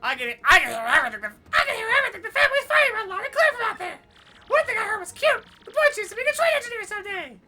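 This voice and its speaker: Streamer doing a squeaky gossipy little game critter, fast and high, off mic a bit. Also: sing-song, bright, forceful tone, soft background music, full character voice. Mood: excited. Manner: squeaky, rushed, high-pitched.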